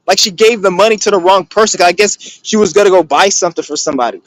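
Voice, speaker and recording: A man's voice: high voice, fast, a bit bright, no room sound, rough recording. A man ranting casually on a livestream, profane and rambling with lots of filler words. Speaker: streamer.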